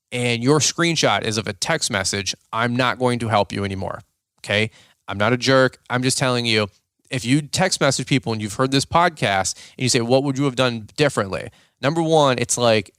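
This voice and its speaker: Blunt man with a smooth voice. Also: mid-range voice, no room sound, studio quality. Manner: blunt, animated, repeats points with fillers. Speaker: podcast host, lawn business owner. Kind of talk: casual advice talk.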